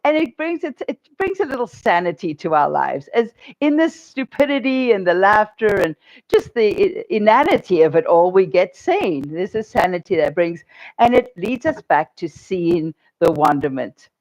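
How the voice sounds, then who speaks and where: Animated woman minister preaching. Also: mid-range voice, normal speed, low-quality recording. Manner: animated storytelling, laughs often. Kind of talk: sermon.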